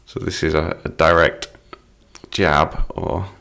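Deep gravelly male English teacher. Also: steady tone, slow, pushed and bright. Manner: patient, explanatory, speaks lyrics in a livelier voice. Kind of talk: explaining song lyrics to learners.

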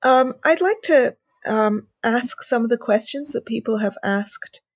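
A woman interviewing a guest, asking questions in a frank, relaxed way. Her voice is fairly high and breathy, recorded close with no room sound. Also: unhurried, no echo. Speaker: interviewer, podcast host. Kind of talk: conversational interview.

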